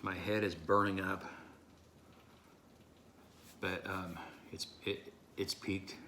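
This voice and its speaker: A man vlogging a hot sauce challenge, his voice strained and breathy, gasping and pausing as he recovers. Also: low-pitched, level tone, bright, forceful tone, a little hiss or hum. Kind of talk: casual vlog talk to camera.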